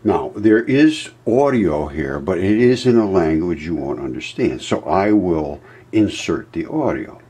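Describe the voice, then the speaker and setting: A man's voice: low voice, animated, a little slow, hardly any pauses, dark tone, slightly rough. A man casually commenting over video footage and retelling a scene in a rambling way. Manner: rambling storytelling with restarts.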